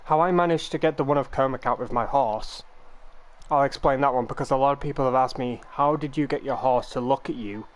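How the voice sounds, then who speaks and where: A young man addresses his stream viewers while gaming live, his voice neither high nor low. Unhurried and casual, he meanders through drawn-out explanations.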